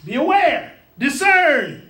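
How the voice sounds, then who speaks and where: High-voiced man preaching in an echoey church. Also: big pitch swings, slow, bright, forceful tone. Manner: emphatic, folksy preaching with call and response. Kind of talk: sermon.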